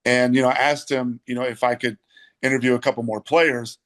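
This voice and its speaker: A man, a sportswriter guest, telling a story in a reflective, halting way with many fillers. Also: medium pitch, flat delivery, fairly bright tone. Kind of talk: casual storytelling.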